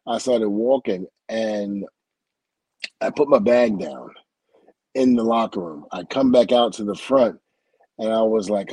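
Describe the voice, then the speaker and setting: A man from the United States, a guest in an interview, telling a lively story full of acted-out quotes and laughs. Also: fairly low pitch, unhurried, long pauses, slightly rough, dry recording, low-quality recording. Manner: animated storyteller who acts out quotes and laughs often. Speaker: interview guest, former wrestler.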